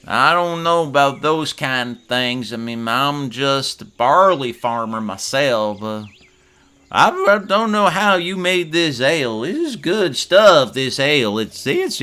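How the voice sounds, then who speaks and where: A man voicing a jovial male barley farmer who praises things loudly and draws out his words. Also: animated. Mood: delighted. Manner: booming, drawn-out enthusiasm.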